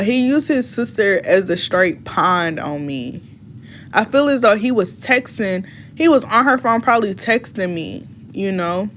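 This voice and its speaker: A woman telling a storytime in a casual, blunt and profane way, her voice jumping high when she gets heated. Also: a bit bright, slight background noise. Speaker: storytime vlogger.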